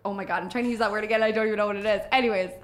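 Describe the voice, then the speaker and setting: A woman in casual podcast chat, animated and swearing freely, acting out little quotes as she talks. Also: medium pitch, very fast.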